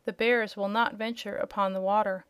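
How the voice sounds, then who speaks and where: A woman voicing a kind, unseen young girl who speaks in gentle tones in a storybook reading. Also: mid-range voice, flat delivery, moderate pace, smooth, no echo, studio quality, close to an everyday voice. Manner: gentle, urgent when warning.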